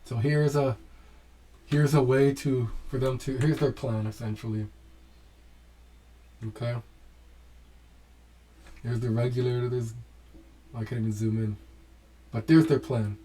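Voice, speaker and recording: A man with a dark, mellow voice talks through material on his screen in an unscripted way. He repeats himself and restarts his phrases as he works through a list. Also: medium pitch, steady tone, a little slow, pauses often, poor audio. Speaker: crypto commentator. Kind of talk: casual commentary over a screen share.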